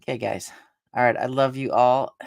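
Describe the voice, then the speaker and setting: A woman hosting a casual live stream, rambling along with halting restarts and fillers, sounding tired and drained. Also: rumbling low, fairly even intonation, gravelly, darkish tone, no echo, studio quality. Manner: meandering, halting talk with many restarts and fillers. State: tired and drained after a stressful day. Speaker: livestream host.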